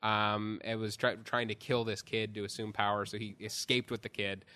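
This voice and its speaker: A man's voice: fairly low pitch, little pitch movement, moderate pace, sharp tone. A man chatting casually as he reviews a film, rambling with lots of fillers and restarts. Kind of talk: casual chat.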